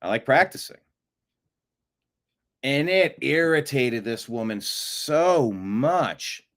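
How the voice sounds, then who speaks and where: A man's voice: mid-range voice, lively intonation, takes it slowly, a bit bright. A man hosting a news commentary show, talking casually with an amused, rambling manner and frequent restarts. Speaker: show host.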